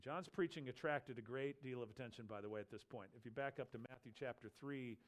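A man's voice: medium pitch, fast talker. A man preaching an expository sermon, explaining a Bible passage and briefly acting out the voices he quotes. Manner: animated teaching, acts out quoted voices.

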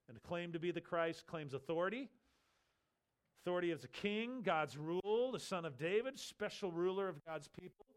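A man preaches an expository sermon, explaining a Bible passage with animated teaching and briefly acting out the voices he quotes. His voice is high-pitched and moderately paced.

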